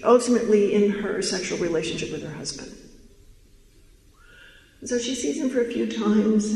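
A man's voice: high voice, a little mellow. A man teaching a live audience in a large room, earnest and questioning, drawing the listeners in, recorded in an echoey hall. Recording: echoey hall, faint noise.

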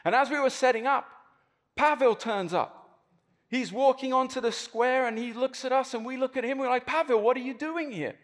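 Earnest high-voiced male missionary. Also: moderate pace, fairly bright tone, in a large hall. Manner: earnest, emphatic repetition. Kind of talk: prayer and mission testimony.

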